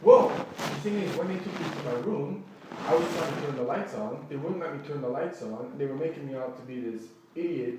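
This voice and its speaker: A man's voice: on the high side, fairly quick, distant mic, noisy background. A man rambles through an upset account of what happened to him, restarting sentences and acting out what others said. He sits well back from the microphone in a strongly echoing room, with faint room ambience behind him. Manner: rambling, quotes people in his retelling, restarts often. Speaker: man recounting a complaint. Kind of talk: agitated first-person account. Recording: echoey room, voice from off-mic.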